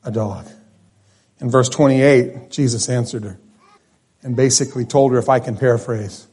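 A man preaching a sermon at a church service, swinging between loud declarations and hushed, low phrases. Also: fairly even intonation, normal speed, long pauses, slightly rough.

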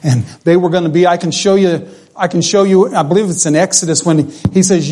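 A man's voice: high-pitched, fairly quick. A man preaching a sermon, asking the congregation rhetorical questions as his voice climbs and drops. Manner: animated preaching with rhetorical questions, voice rising and falling. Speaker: pastor.

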